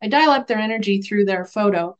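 A woman who works as an animal communicator tells a story as a guest on an interview show, earnest and gentle, acting out the dialogue. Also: mid-range voice, brisk, highs cut off, a little hiss or hum. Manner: animated, acts out the dialogue in her stories.

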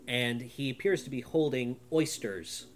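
A man narrating as game master in a relaxed way, with plenty of fillers. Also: medium pitch, measured pace, a little hiss or hum. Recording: background music.

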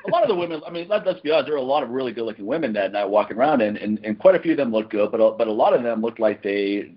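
Homme co-animateur à la voix rauque. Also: male voice, medium pitch, racing, dull audio. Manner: relaxed, chuckling, stumbles and repeats words. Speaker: podcast co-host. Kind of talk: casual chat.

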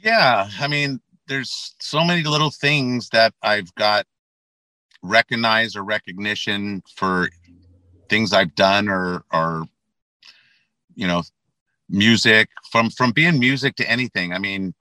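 Bright-voiced man rambling in an interview. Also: lowish voice, takes it slowly, dry recording, poor audio. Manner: rambling, repeats words, many fillers. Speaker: metal band frontman and guest. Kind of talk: casual interview chat.

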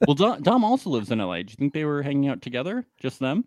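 A man's voice: mid-range voice, huge pitch swings, fast, a little mellow, dry recording, studio quality. A man co-hosting a podcast, recapping a reality show in casual chat and often joking. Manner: chatty, joking and laughs often. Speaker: podcast co-host.

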